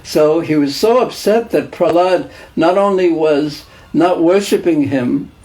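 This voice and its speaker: A man's voice: a little high, measured pace, darkish tone, low-quality recording. A man giving a devotional class lecture in a conversational way, repeating phrases and putting questions to the listeners. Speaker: lecturer on scripture.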